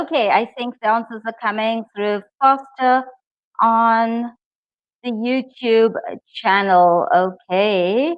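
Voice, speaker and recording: A woman's voice: a little high, slow, clear, resonant tone. A woman teaching a live online English exam lesson, upbeat and encouraging as she talks to her viewers. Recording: dull lo-fi stream audio.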